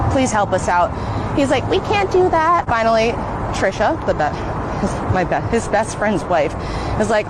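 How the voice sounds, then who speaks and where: A woman tells a personal story in a confessional storytime monologue with a dramatic build. Her voice sits at a middle pitch. Traffic and street noise run behind her.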